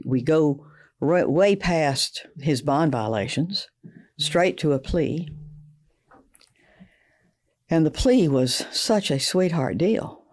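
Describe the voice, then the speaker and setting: A man giving indignant, deliberate commentary in an interview. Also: a little high, darkish tone.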